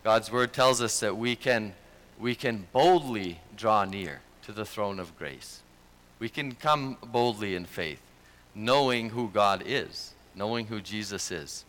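A man's voice: on the low side, fairly bright tone. A man preaching a sermon as pastor, speaking in an earnest, conversational way.

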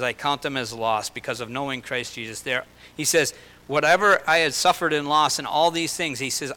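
A man preaching a sermon in an earnest way, slowing and lifting his voice for emphasis and dropping into personal asides. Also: mid-range voice, sharp tone. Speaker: pastor. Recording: long hall reverb.

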